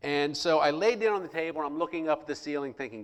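A man telling a personal story to listeners in a lively way, acting out the people he quotes. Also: a little high, fast. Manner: animated, acts out the people he quotes. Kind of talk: personal anecdote told to listeners.

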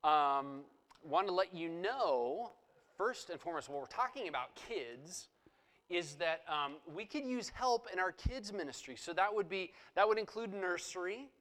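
Easygoing male pastor, fairly high voice. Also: normal speed. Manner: relaxed, conversational, with frequent fillers. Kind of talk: sermon and church announcements.

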